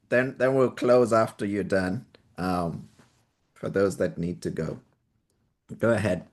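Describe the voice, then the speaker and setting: Low-voiced man hosting a call. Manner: warm, grateful thanks, hands the floor to the next speaker. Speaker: host of an online gathering. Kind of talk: casual moderation.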